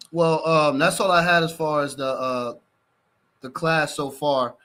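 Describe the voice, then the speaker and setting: A man joins a class discussion, his voice a little high. He asks his questions politely and a bit haltingly, with plenty of ums. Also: flat delivery, pushed and bright. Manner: polite, hesitant questions with fillers. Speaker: student.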